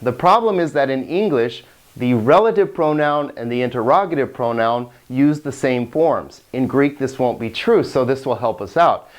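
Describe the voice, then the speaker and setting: A man teaching a grammar lesson, patient and explanatory, often repeating words as he restarts his sentences. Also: medium pitch. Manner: holds a cat while teaching. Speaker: Greek teacher.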